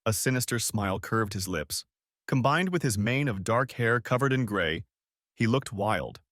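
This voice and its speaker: A man narrating an audiobook story in an expressive storytelling read. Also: fairly low pitch, moderate pace, dry recording, studio quality. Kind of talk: scripted narration.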